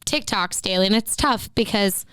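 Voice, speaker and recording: A woman's voice: mid-range voice, lively intonation, normal speed, a bit bright, clean tone, dry recording. A woman co-hosting a podcast in casual chat, bubbly and laughing often. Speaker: podcast co-host. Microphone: studio podcast mic.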